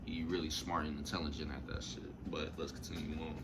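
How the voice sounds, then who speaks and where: Low-voiced man giving casual commentary. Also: little pitch movement, brisk. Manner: laid-back, repeats "at the end of the day". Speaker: reaction video host.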